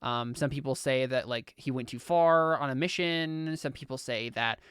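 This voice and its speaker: A man's voice: medium pitch, moderate pace, a bit bright, clean tone, no room sound, studio quality. A young man running a tabletop game as game master, explaining the lore in a rambling way with lots of restarts.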